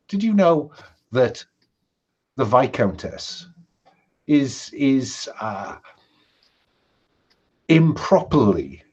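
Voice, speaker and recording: A man's voice: medium pitch, darkish tone, breathy edge, lo-fi sound, full character voice. A man voicing a scheming villain called the Reaper in a tabletop game, speaking slyly, mockingly and theatrically.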